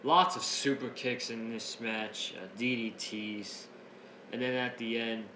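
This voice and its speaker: A man reviewing a wrestling show in a casual recap. He is excitable and rambling, keeps restarting his sentences, and breaks up laughing as he retells the jokes. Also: mid-range voice, unhurried, noisy background. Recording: roomy echo, faint ambience.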